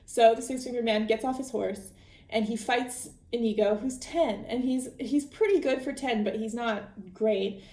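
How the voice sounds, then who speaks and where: A woman hosts a podcast and retells a book casually, rambling and correcting herself as she goes. Her voice sits fairly high with a mellow, soft tone. The recording sounds roomy and echoey. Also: moderate pace. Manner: chatty, rambling, self-correcting with fillers. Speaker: podcast host. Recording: echoey room.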